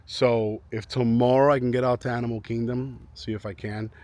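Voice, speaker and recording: Guy rambling to his vlog camera outside, keeps tripping over his words, middle pitch. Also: flat delivery, moderate pace, darkish tone, no echo. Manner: rambling, repeats words and restarts often. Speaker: vlogger. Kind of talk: casual chat to camera. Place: outdoors in a residential neighborhood.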